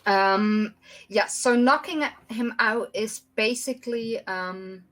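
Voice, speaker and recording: A woman runs a tabletop game as dungeon master, speaking slowly and deliberately in a slightly high voice. She pauses on frequent ums while she works out each turn. The audio comes through a video call. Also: a bit bright. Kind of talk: running a tabletop game over voice chat.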